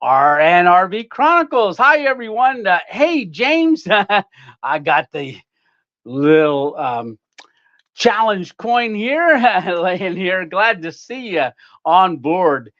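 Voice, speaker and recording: A man hosts a relaxed livestream from his home. He greets viewers one by one, padding his talk with fillers and small laughs. His voice sits a little high, and the stream audio is dull and lo-fi. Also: takes it slowly. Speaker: livestream host. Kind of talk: casual live-stream chat. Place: home room.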